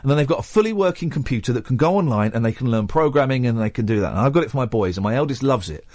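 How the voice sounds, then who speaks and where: A middle-aged man hosting a radio show, chatting casually and telling stories in an animated way from a studio microphone. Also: medium pitch, rapid-fire, no room sound. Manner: chatty, animated storytelling, laughs easily. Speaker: radio host.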